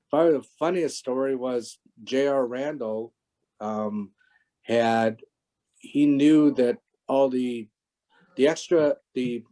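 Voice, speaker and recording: Older man, guest on a video call, warm low-key tone, rambling anecdotes. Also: rough recording. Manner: rambling, many restarts. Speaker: guest, former stunt performer. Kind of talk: casual interview anecdotes.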